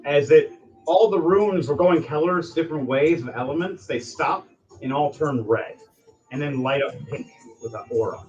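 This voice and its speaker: A man narrating as game master for a tabletop game, dramatic and animated. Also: a little high, normal speed, dull audio, soft background music.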